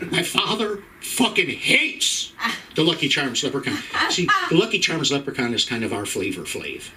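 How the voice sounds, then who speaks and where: A man's voice: medium pitch, big pitch swings, brisk, pushed and bright, recorded from a distance, slight background noise, low-quality recording. A middle-aged man from Ireland doing a profane stand-up set in a comedy club, working the crowd with stammering restarts.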